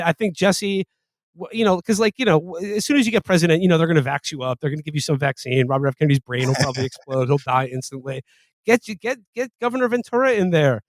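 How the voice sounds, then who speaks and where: A man hosting a comedy podcast, rambling excitably and breaking into impressions. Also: on the high side, no room sound. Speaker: podcast host. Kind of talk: casual comedic chat.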